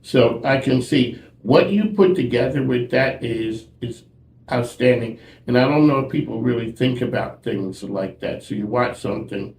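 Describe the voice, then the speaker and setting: Gravelly, upbeat radio host. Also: male voice, medium pitch, moderate pace, a little mellow. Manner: upbeat, playful host patter. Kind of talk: casual interview chat. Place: museum. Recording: echoey room with faint noise.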